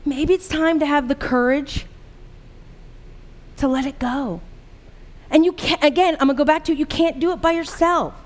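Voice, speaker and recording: A woman's voice: high-pitched, fairly even intonation, moderate pace, long pauses. A middle-aged woman pastor giving a sermon in an earnest, conversational way, full of rhetorical questions.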